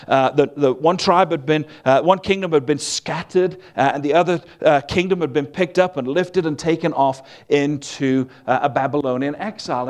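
A man preaching a sermon, his voice sitting a little above the usual male pitch. He talks to the congregation in a loose, conversational way, telling homely stories with a humorous edge. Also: a little mellow.

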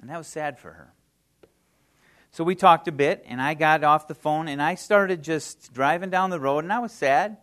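A man's voice: fairly high pitch, moderate pace, a bit bright. A man in his fifties giving a personal testimony to an audience, earnest and heartfelt, telling his story in plain conversational speech. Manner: plain conversational phrasing with fillers. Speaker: guest speaker.

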